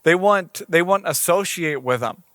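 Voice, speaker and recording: A man gives a sermon, moving from scripture reading into relaxed, conversational explanation. His voice sits high for a man. The sound is dry and close, with no room echo. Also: normal speed. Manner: conversational preaching, reading scripture aloud with acted quotes. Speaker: pastor.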